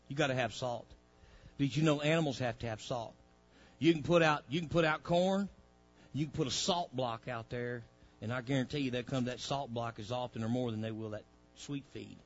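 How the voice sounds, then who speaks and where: A man preaching a sermon as pastor, swinging between loud preaching and quiet storytelling. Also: mid-range voice. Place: church sanctuary. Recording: dull lo-fi recording with faint music.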